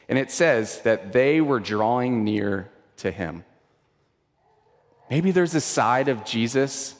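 In a large hall, a pastor in his thirties preaches a sermon in a conversational way, repeating words. His medium-pitched voice swings between intense emphasis and hushed asides.

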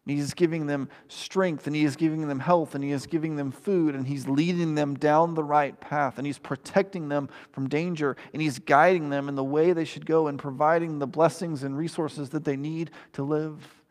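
A man's voice: a little high, fairly even intonation, normal speed, few pauses, in a large hall. A man preaching a sermon, earnest and conversational, with ums and asides to the congregation. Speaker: pastor.

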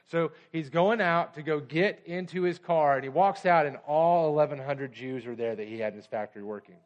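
A man's voice: fairly high pitch, fairly quick, highs cut off. A man preaching a sermon as pastor, pressing his points with urgent emphasis and slipping into conversational storytelling.

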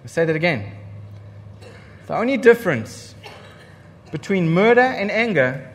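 A male pastor preaching with a high, very animated voice that climbs and drops sharply for emphasis. He repeats his key lines and throws rhetorical questions at the congregation, and the sound carries a long reverb from a church hall. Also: measured pace. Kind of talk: sermon.

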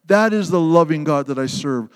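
Male preacher, high voice, impassioned sermon delivery, echoing sanctuary. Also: animated, moderate pace, smooth. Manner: impassioned, swings from loud emphasis to hushed tenderness. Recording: long hall reverb.

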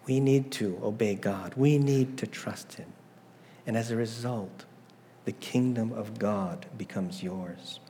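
A man's voice: lowish voice, takes it slowly, warm tone, in a large hall, a little hiss or hum. A middle-aged man preaching a sermon, telling a family story with rhetorical questions. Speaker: pastor.

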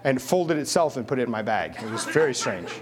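A middle-aged man preaching a sermon, mixing a humorous personal story with quiet, emphatic repetition. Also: medium pitch, very animated, brisk, crowd noise.

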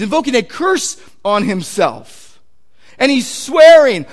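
Man in the pastor role, a high voice with a Southern Californian accent, lively and conversational in the pulpit, shouts out the quoted lines. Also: takes it slowly. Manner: animated, acts out quotes with sudden loud outbursts; conversational, repeats words while searching for them. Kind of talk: sermon.

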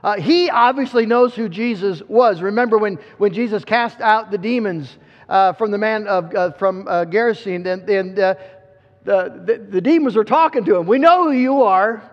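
A man's voice: sits high, normal speed. A man preaching a sermon with earnest emphasis, often repeating words as he restarts a thought. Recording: muffled sound with long hall reverb.

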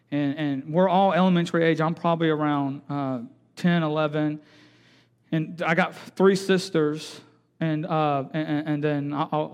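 A male pastor preaching a sermon, moving from quiet, halting storytelling to loud, impassioned pleading. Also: sits high, long reverb tail.

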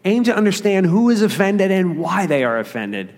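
A man's voice: high-pitched, big pitch swings, moderate pace, a little mellow, in a large hall. A man preaching a sermon as pastor, earnest and conversational, with emphasis that rises and falls.

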